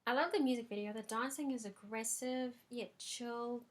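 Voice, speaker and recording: Recorded in her bedroom, this music review vlog features a young woman talking casually at normal speed. Her pitch is fairly high, and her chatter is full of filler ums.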